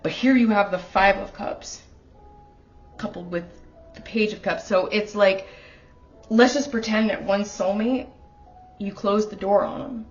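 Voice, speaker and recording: A woman's voice: medium pitch, steady tone, a little slow, long pauses, muffled recording, faint music behind. A woman giving a casual tarot reading at home, talking straight to the viewer in an earnest, emotional way. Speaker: tarot reader. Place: her apartment.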